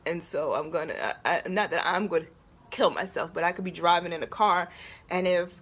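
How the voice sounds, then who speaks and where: Woman vlogger, husky voice, confessional and raw, halting delivery veering from nervous laughs to near tears. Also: lowish voice, fairly bright tone. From Baltimore area, USA. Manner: emotional, halting, shifts between laughter and tears. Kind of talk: personal confessional vlog.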